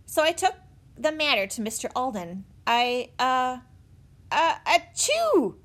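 A woman reading aloud voices a pompous, grumpy older man who talks huffily, in a high, lively voice. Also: brisk. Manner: huffy, indignant.

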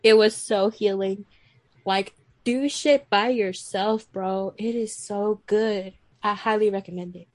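A woman's voice: mid-range voice, fairly even intonation, slow, darkish tone, dry recording. A young woman from Houston chats loosely on a podcast, swearing freely and drifting between tangents. Her voice sits in a middle range. The sound is dry and close to the mic. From Houston, Texas. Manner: rambling, profane, chatty. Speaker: podcast co-host. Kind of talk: casual chat.

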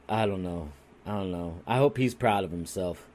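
A man telling a story on a podcast in a crude, rambling and animated way, restarting his sentences often. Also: low-pitched, measured pace, slight background noise. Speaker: podcast co-host. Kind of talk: casual comedic storytelling.

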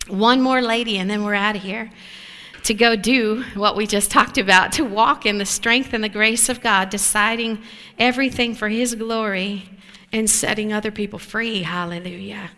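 Bright-voiced woman preaching in a reverberant hall. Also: mid-range voice, normal speed. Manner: animated, affirming, asks the listeners for agreement. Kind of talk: sermon.

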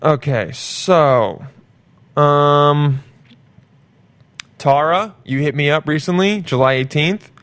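Brash young male podcast host, slightly high voice, swaggering profane monologue with loud spikes. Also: takes it slowly, pauses often, no echo. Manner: profane, swaggering, pumped-up preaching with sudden loud jumps. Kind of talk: solo podcast intro rant.

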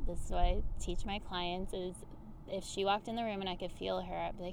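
A woman talking as a guest on a podcast, coaching people on human design in a lively, chatty way full of everyday examples. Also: lowish voice, brisk, gravelly, background noise. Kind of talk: casual conversational interview.

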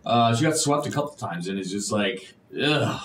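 A man co-hosting a fight-betting podcast, talking in casual banter with a measured, analytical manner. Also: fairly low pitch, animated, a bit bright. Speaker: podcast co-host. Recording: roomy with faint noise.

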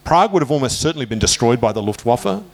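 An Australian man in his sixties talks through a long stretch of history as an interview guest. His voice sits at a middling pitch and is animated. He leaps up when he acts out other people's words. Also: quick pace, gravelly. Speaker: author guest. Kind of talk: conversational interview, storytelling.

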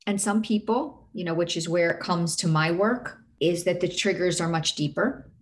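A middle-aged woman coach with a slightly low voice talks earnestly. She walks through each step by asking herself a run of questions. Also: normal speed. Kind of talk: casual advice talk.

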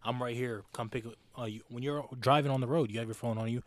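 A man's voice: mid-range voice, fairly even intonation, fast talker, no echo. Blunt young man on a podcast. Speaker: podcast co-host. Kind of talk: casual podcast banter. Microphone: speaking off-mic at times.

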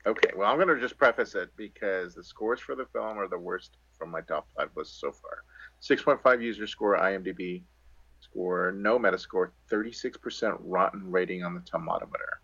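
Podcast co-host: man with a low, husky voice, chatty and wry, recorded dry and a bit dull. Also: moderate pace, pushed and bright, dry recording. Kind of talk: casual chat.

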